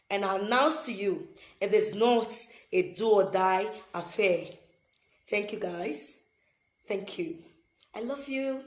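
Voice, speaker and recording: A woman's voice: medium pitch, roomy sound. A woman speaking earnestly to her fans, repeating phrases for emphasis. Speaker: vlogger addressing fans. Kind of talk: emotional direct-to-camera address.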